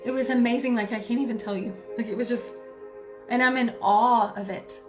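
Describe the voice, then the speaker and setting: A woman telling viewers a personal story in a casual, chatty way, full of filler words and soft laughs. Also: a little high, fairly even intonation, a little fast, music in the background. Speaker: spiritual reader.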